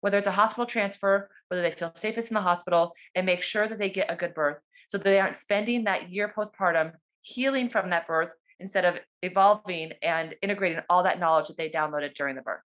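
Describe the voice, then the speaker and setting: Fast-talking animated woman on a video call. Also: fairly low pitch. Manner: animated and excited. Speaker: doula and birth worker. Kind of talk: casual personal storytelling.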